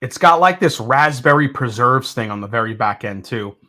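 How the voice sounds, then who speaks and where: A man hosting a live whiskey tasting, talking in a rambling, excitable way with lots of fillers and restarts. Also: mid-range voice, normal speed. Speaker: whiskey reviewer, host. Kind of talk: casual live tasting review.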